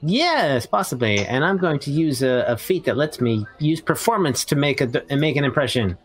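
A man at a tabletop game talks in a playful, theatrical way. His voice is fairly high and swoops around widely. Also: animated, moderate pace. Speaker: player.

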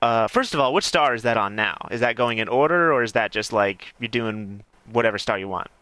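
A man's voice: medium pitch, expressive, brisk, sharp tone, clean tone, dry recording. A man hosting a podcast, asking questions and encouraging his guest with short affirmations. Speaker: podcast host. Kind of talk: casual podcast interview.

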